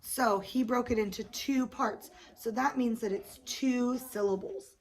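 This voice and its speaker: A woman's voice: a little high, steady tone, a little slow. A woman teacher leading a small group of young children through a lesson, patient and encouraging, praising them often. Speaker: elementary school teacher. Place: classroom with children. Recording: noisy classroom with children's chatter.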